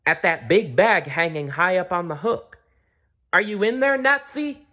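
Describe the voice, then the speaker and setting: A man's voice: fairly high pitch, huge pitch swings, moderate pace, a bit bright, voice pushed up. A man voicing a small, clever female mouse in a storybook reading. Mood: careful.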